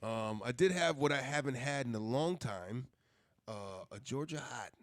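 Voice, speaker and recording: A man's voice: medium pitch, lively intonation, moderate pace, dry recording, studio quality. A man cohosting a podcast, telling loose, profane stories in casual chat. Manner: loose, profane storytelling with laughs and restarts.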